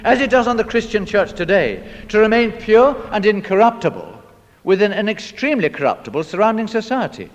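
A preacher delivers his sermon with a lively, swooping voice that sits a touch high for a man. He reads out scripture and fires rhetorical questions at his listeners with dramatic flair. A long church reverb hangs behind every word. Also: fairly quick, muffled recording.

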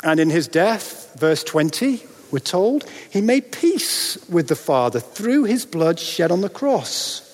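Male preacher, high lively voice, slow deliberate sermon delivery, big reverberant church sound. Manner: dramatic, rhetorical questions, pauses for effect. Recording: long reverb of a large hall.

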